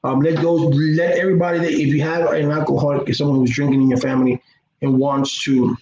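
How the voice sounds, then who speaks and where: A man's voice: fairly high pitch, little pitch movement, fast talker, darkish tone. Rambling man vlogging in a roomy space. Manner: rambling, repeats words, earnest and preachy. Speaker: YouTuber. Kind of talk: casual monologue vlog. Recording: roomy, dull lo-fi sound with faint noise.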